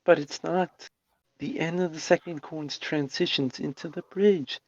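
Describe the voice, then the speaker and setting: A man voicing a stern, practical young woman musician, calm and matter-of-fact, over dull lo-fi call audio. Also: on the high side, moderate pace, dry recording, close to an everyday voice. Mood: explaining. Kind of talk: amateur voice reading over a call.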